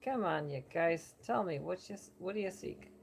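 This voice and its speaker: A woman voicing a glib, self-satisfied male oracle in a deliberately bad put-on New York accent, chatty and boastful. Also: fairly low pitch, expressive, vocal fry, a little hiss or hum.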